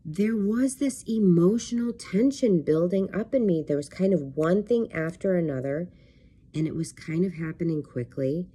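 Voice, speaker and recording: A woman's voice: lowish voice, animated, unhurried, dark tone, slightly rough. A woman who works as a life coach, telling a personal story in a candid, rambling vlog style with plenty of fillers. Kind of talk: casual talking-to-camera vlog.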